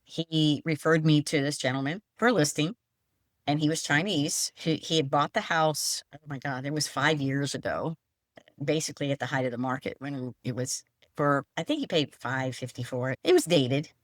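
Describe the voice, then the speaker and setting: A woman's voice: low voice, normal speed, dry recording, clean studio sound. A woman hosting a podcast, asking questions and sharing stories in a chatty, friendly way. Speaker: podcast host. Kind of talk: casual podcast interview. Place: Florida Gulf coast.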